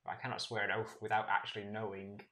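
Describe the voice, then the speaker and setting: A man playing in a tabletop role-play, speaking skeptically and deliberately in character. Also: on the low side, completely flat delivery, sharp tone. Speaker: player. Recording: noisy background.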